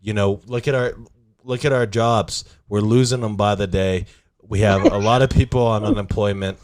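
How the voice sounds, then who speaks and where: A man's voice: fairly low pitch, fairly even intonation, moderate pace, darkish tone, natural voice. A man doing a boastful president impression. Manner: boastful, repetitive superlatives. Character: blustering male president impression, boastful and repetitive.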